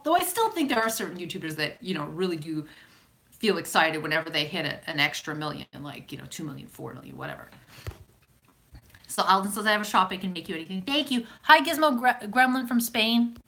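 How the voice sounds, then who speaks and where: Woman, Canadian accent, Calgary, lowish pitch, casual live chat, rambling, self-interrupting. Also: lively intonation, fairly quick, bright, forceful tone. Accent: Canadian, Calgary Alberta. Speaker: YouTuber answering viewer comments.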